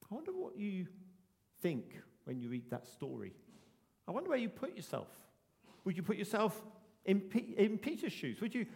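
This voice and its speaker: A man's voice: sits high, normal speed, vocal fry, pauses often. A man preaching a sermon, reading scripture and acting out the voices of people in the story. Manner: animated, acts out voices in quotes. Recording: long reverb of a large hall.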